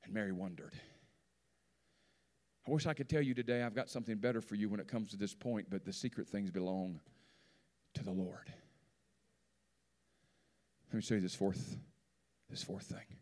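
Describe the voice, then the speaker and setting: A man preaching a sermon in church, swinging from hushed, quiet lines to loud, soaring rises. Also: on the low side, normal speed, long pauses. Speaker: pastor. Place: church sanctuary.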